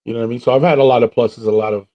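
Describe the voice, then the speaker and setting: Male podcast host, casual slangy storyteller, mid pitch, slightly dull lo-fi sound. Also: very fast. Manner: animated, slangy, acts out quotes.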